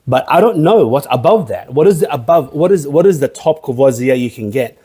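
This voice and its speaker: A man's voice: medium pitch, expressive, a little fast, mellow, breathy edge. A man hosting a casual spirits tasting review, chatty and rambling, with jokey asides. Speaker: host of a spirits review channel.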